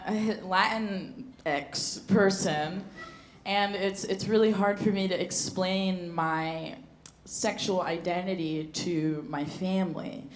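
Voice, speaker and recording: A comedian working a club stage with a handheld mic, drawling slowly through deadpan lines before breaking into shrieks and giggles. The room rings with echo and a clear wash of audience noise. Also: female voice, fairly low pitch. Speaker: stand-up comedian. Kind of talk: surreal stand-up set.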